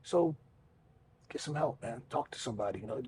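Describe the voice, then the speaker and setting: A man's voice: mid-range voice, expressive, a little fast, background noise. A man co-hosting a podcast, talking frankly and profanely with a self-mocking streak. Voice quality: gravelly. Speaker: podcast co-host. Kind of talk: candid podcast chat.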